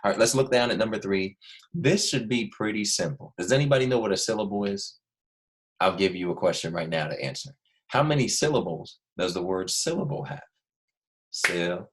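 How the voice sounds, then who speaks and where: A man teaching a recorded lesson to young students, explaining patiently and repeating key points slowly. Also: on the low side, lively intonation.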